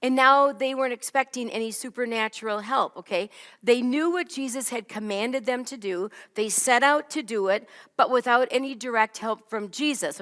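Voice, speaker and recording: A woman's voice: on the high side, a bit bright, long reverb tail. A woman teaching a Bible lesson in a conversational way, often checking in with "right?" and "okay?". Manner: chatty, keeps asking "right?" and "okay?".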